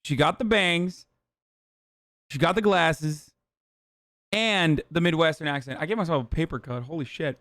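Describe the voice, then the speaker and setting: A man in his thirties hosting a livestream, reacting to news clips with sarcastic, profane, animated commentary. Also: fairly high pitch, normal speed, pauses often, dry recording. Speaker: streamer host.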